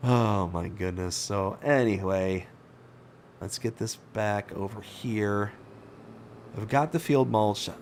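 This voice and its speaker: A man hosting a casual live gaming stream, telling stories with animated reactions and answering viewer chat. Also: on the low side, slight background noise.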